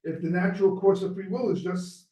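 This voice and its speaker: A man asking halting questions in a scripture class, restarting as he works out his point. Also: high voice, steady tone, dark tone. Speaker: student. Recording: roomy sound, far from the mic.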